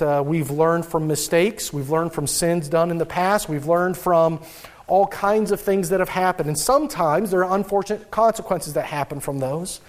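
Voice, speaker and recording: Male pastor, slightly high-pitched, relaxed sermon delivery that acts out inner voices. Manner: conversational, acting out inner voices, frequent "uh" restarts.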